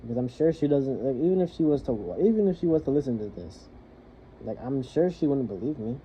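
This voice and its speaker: A young man in the military venting about his partner and family in a rambling, halting monologue, swearing freely. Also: medium pitch, animated, mellow. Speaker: soldier venting. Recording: muffled lo-fi with faint hiss.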